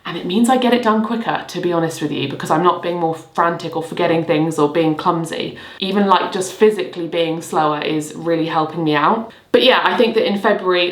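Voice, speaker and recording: A woman chatting casually in a relaxed, rambling way as a lifestyle vlogger, talking to camera in her bathroom at home. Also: lowish voice. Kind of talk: casual vlog chat while tidying. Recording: echoey bathroom.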